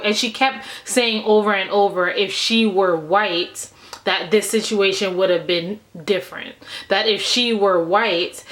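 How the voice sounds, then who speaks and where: A young adult woman vlogger telling a story to the camera in an animated, conversational way, rambling and restarting her sentences. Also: medium pitch.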